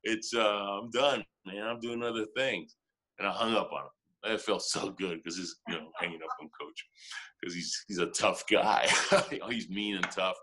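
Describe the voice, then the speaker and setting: A man in his fifties speaks with a somewhat low voice. He tells his story as a guest in an interview, in a lively way, chuckling often and breaking off to restart his sentences. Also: normal speed. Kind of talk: animated storytelling in conversation.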